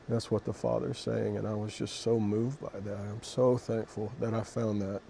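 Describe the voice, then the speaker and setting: A low-voiced man with a mellow, even delivery reads scripture and then shares a personal reflection. He speaks in an emotional, halting way and restarts his sentences often. Faint room ambience sits behind his voice. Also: creaky, slight background noise. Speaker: Christian devotional video host.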